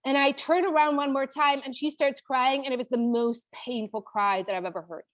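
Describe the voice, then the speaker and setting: A woman's voice: sits high, fairly even intonation, normal speed, dry recording. A woman in her thirties, a business coach, telling a personal story in an emotional, confiding way. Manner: emotional, confiding, frequent "you know".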